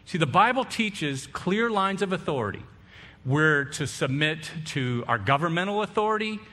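A man preaches in a loose, conversational way, tossing questions out to the congregation. His voice is bright and forward, and it rings out with a long reverb tail, as if he is in a large church hall. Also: fairly high pitch, lively intonation, normal speed. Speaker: pastor. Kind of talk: sermon.

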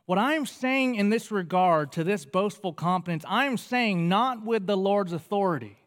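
A man's voice: high voice, moderate pace, in a large hall. A male pastor preaching a sermon, reading scripture aloud with feeling and explaining it to the congregation. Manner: animated, reads scripture with feeling.

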